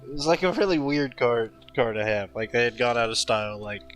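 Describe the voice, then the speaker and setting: Rambling young man with a bright voice. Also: medium pitch, lively intonation, fairly quick, faint music behind, rough recording. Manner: rambling, laughs often, many fillers and restarts. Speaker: artist streaming while drawing. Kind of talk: casual storytelling while drawing.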